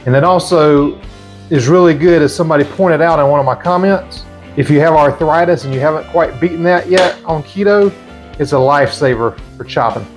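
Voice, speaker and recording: A man's voice: on the high side, a little fast, soft background music. A middle-aged man with a Southern American accent, demonstrating a recipe as the host of a cooking channel in a folksy, chatty way.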